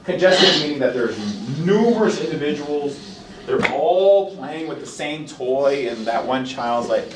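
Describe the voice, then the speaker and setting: A man's voice: mid-range voice, normal speed. A man teaching a college class, reading items from a list and explaining them with acted-out examples. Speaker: college instructor. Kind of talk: classroom lecture. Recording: echoey room, mic at a distance, faint background noise.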